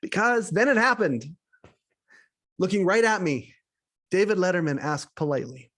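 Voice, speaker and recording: Chuckling man, slightly high voice. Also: lively intonation, moderate pace, pauses often, fairly bright tone. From Canada. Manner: chuckles often between sentences and gets emotional. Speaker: podcast host. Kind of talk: reading aloud his own written story.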